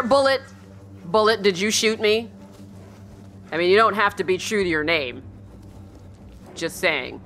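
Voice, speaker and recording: A woman playing a horror game and commenting as she goes, jumpy, yelping when startled and muttering quietly when she is tense, often calling to her in-game dog. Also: lowish voice, sing-song, normal speed, long pauses, a little hiss or hum. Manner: jumpy, yelps and shrieks, then drops to a hushed mutter. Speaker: let's play streamer.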